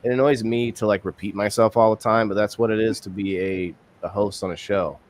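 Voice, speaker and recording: A man's voice: fairly low pitch, fairly even intonation, fairly quick. A man hosting a casual live-stream podcast, rambling with many restarts and reading viewer comments aloud. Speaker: podcast host.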